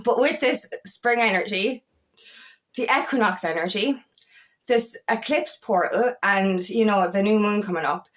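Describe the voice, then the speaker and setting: A woman's voice: mid-range voice, measured pace. A woman from Ireland with a Kerry accent, talking passionately as a spiritual coach, cursing often and then apologizing. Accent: Irish, Kerry. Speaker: feminine empowerment coach. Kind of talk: casual spiritual vlog monologue.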